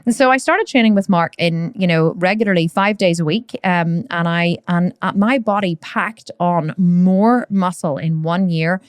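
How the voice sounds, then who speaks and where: A woman hosting a podcast, telling a story in a chatty, animated way with plenty of fillers and acted-out shouts. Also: lowish voice, unhurried, hardly any pauses, smooth, no room sound. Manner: chatty, frequent fillers like "you know" and "right". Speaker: podcast host.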